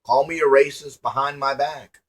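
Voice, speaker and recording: A man's voice: medium pitch, fairly even intonation, moderate pace. A man giving a preachy motivational monologue to his viewers, folksy and emphatic, repeating lines and asking rhetorical questions. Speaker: online commentator.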